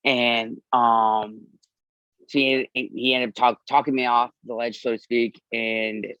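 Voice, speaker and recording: A man's voice: mid-range voice, flat delivery, slow, fairly bright tone, clean tone, no room sound, low-quality recording. A man in his thirties, an army veteran, candidly telling his own story in a podcast interview and swearing freely.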